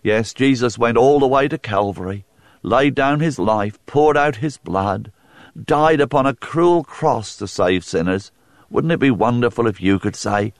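A man's voice: on the low side, expressive, unhurried, no room sound. A man preaching a sermon, earnest and pleading as he appeals to the listener.

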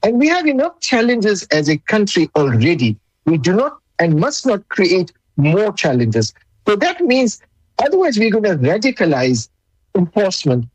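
A government official giving a formal interview answer, talking deliberately and emphatically with frequent restarts. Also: mid-range voice, sing-song, husky, dry recording, poor audio.

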